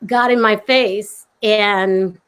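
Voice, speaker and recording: A woman's voice: mid-range voice, a bit bright, clean tone. A woman with a Brooklyn accent, an actress guest on a video call, telling a story vividly and acting out the quotes. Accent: Brooklyn New York. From Brooklyn, New York. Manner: vivid, emotional, acts out quotes. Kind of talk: animated storytelling. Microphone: video call mic.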